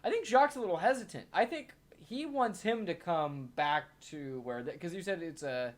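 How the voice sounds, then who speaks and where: A woman's voice: fairly low pitch, expressive, moderate pace. A woman playing a tabletop game, hesitant and thinking aloud. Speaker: player. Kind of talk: casual tabletop play.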